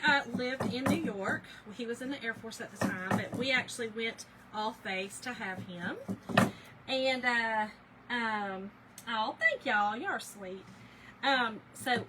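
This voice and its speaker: A middle-aged woman, telling a story on a live stream in a chatty, laughing way and talking to viewers as y'all. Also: mid-range voice. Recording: background noise with a hair dryer.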